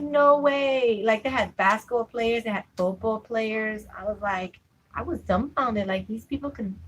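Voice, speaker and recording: A woman's voice: medium pitch, fairly bright tone, slightly rough, poor audio. A young adult woman chatting casually with viewers on a live stream, full of fillers and asides. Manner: chatty, fillers like "you know what I'm saying".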